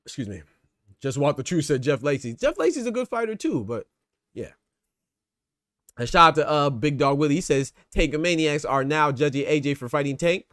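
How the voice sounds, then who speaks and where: A man's voice: fairly high pitch, moderate pace, long pauses, a bit bright, dry recording, studio quality. A man hosting a casual livestream, arguing his points and answering chat, repeating phrases to press them home. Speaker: boxing talk show host.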